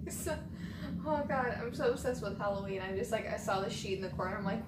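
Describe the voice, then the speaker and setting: Excitable woman reacting in a roomy echo. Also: medium pitch, brisk, very noisy. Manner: excitable, gushing, squeals and laughs at the screen. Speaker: reaction video host. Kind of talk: casual reaction vlog. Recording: roomy echo with show audio behind. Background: TV show audio and music.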